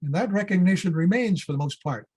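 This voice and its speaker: A man with a somewhat higher, mellow voice and a slightly husky edge gives an earnest civic address. He speaks in a measured, deliberate way, like a former judge reading a prepared speech. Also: animated. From Canada. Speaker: former citizenship judge giving an awards address.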